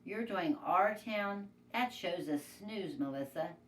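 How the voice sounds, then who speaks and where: A woman's voice: sits low, expressive, moderate pace, a little mellow. A woman reading aloud as a stubborn, belligerent old grandfather who grumbles and snarks. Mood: grumbling. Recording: echoey room, away from mic, faint noise.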